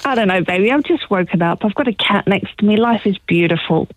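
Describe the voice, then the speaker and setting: A woman's voice: mid-range voice, lively intonation, brisk, no echo. A woman calling in to a radio show, playfully teasing her husband the host. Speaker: caller, host's wife. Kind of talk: casual phone chat. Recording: dull phone-line audio.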